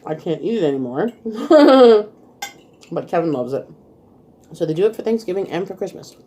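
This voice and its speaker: A woman's voice: on the low side, sing-song, normal speed, dark tone, a little hiss or hum. A woman hosting a casual eating vlog, chatting while she eats and laughing often. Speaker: vlog host. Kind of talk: casual mukbang chat.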